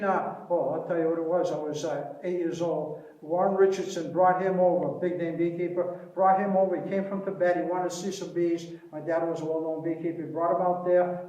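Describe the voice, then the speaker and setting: A man's voice: a little high, slight background noise. Folksy beekeeper man, echoey far-off room. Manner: folksy storyteller, slows down and softens for anecdotes. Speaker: beekeeper giving a library talk. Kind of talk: informal public presentation. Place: library meeting room. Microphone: distant room mic.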